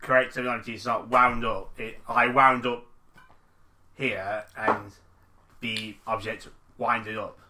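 A man's voice: medium pitch, level tone, measured pace, background noise. A man co-hosting a podcast in casual banter, with dry, blunt retorts. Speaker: podcast co-host.

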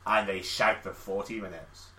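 A man co-hosting a comedy podcast, reading an article aloud in a deadpan way between banter. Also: lowish voice, moderate pace, reverberant, low-quality recording. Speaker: podcast co-host.

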